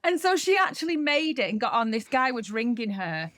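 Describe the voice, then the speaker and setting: A woman's voice: fairly high pitch, very animated, a little fast, fairly bright tone, no echo, studio quality. Laughing woman telling a story. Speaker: podcast co-host. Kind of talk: casual chat.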